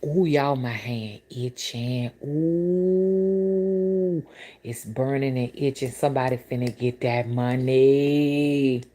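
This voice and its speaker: Woman rootworker, deep low voice, chatty and blunt, tells stories straight to camera. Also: takes it slowly, dark tone. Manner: blunt, colorful, exclamatory storytelling with asides to viewers. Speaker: rootworker and spiritual reader. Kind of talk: casual storytelling to camera.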